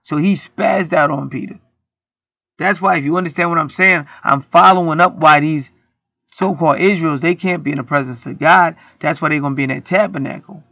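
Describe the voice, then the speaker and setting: Heated, profane preacher man with a gravelly edge. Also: fairly high pitch, brisk, pushed and bright, no room sound, highs cut off. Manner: profane, heated, rants and acts out quotes. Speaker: internet preacher. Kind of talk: street-style preaching monologue.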